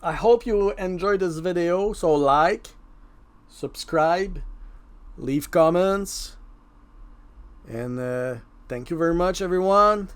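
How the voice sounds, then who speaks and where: A man with a French accent talks slowly through his own craft tutorial in a relaxed voice-over. His voice sits a little high for a man. He is easygoing and self-mocking, and swears offhandedly. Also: clean tone. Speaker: mask-making channel host.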